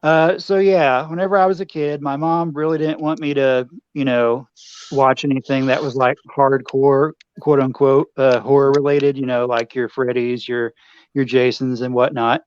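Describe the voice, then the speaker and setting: A man's voice: medium pitch, little pitch movement, moderate pace, darkish tone, clear, resonant tone, no echo. Man, podcast host, easygoing, lots of fillers, slightly muffled lo-fi sound, dry. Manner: easygoing, frequent "uh" and "you know". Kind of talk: casual chat. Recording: slightly dull lo-fi audio.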